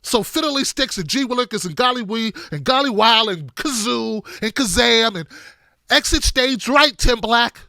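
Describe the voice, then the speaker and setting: A man's voice: very high voice, expressive, normal speed, no echo, clean studio sound, heavily acted. A man voicing a riled-up, folksy Oklahoman who scolds with old-fashioned exclamations. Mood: indignant. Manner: sputtering folksy exclamations, loud.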